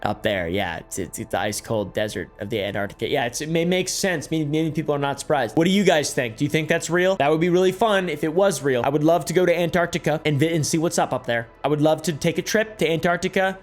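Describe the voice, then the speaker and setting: A man's voice: a little high, fast talker, hardly any pauses, faint music behind. A young man hosting a comedic commentary video, sarcastic with frequent joking asides. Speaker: host.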